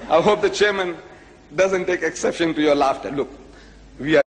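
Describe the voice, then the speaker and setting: A man's voice: on the high side, normal speed, in a large hall. A man telling a story in a lecture and dramatically acting out the people he quotes.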